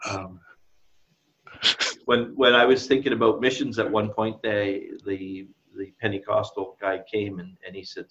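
A man's voice: on the low side, flat delivery, moderate pace, a bit bright, slight background noise. Middle-aged man co-hosting a Bible chat. He rambles and chuckles at himself. The audio is a bit dull. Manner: rambling, laughs at his own asides. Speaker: co-host of Bible discussion. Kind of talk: casual Bible study chat.

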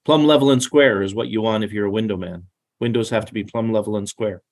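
A middle-aged man with a fairly low voice talks through a scripture passage in an easygoing, conversational way. He wanders into asides and keeps restarting his sentences. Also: fast, darkish tone. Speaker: Bible study co-host. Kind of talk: casual Bible discussion.

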